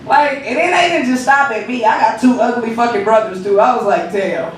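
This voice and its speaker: A man's voice: very high-pitched, a little fast. A man rehearsing a stand-up comedy set, telling profane stories with lots of energy and laughing at his own jokes. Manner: profane, animated storytelling. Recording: echoey room, mic far off, noisy.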